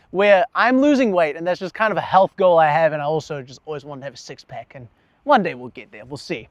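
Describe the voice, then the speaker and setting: A man's voice: sits high, no room sound, lo-fi sound. A young man talking candidly about himself in a casual, profane vlog monologue, laughing at himself now and then. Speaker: vlogger.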